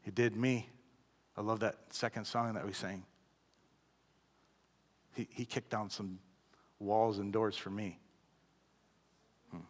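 A man preaching a conversational sermon in a church, often checking in with "right?" and moving between loud emphasis and quiet, low asides. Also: fairly even intonation, slow, long pauses. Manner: conversational, keeps asking "right?". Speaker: pastor.

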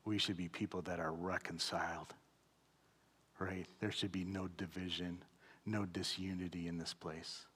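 A man preaching a conversational sermon in a church, often checking in with "right?" and moving between loud emphasis and quiet, low asides. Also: flat delivery, normal speed, husky. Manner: conversational, keeps asking "right?". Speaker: pastor.

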